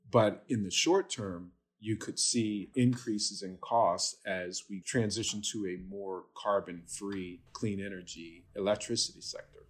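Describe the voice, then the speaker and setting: A man answering interview questions as an energy policy expert, in a measured, methodical way with the odd filler. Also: on the low side.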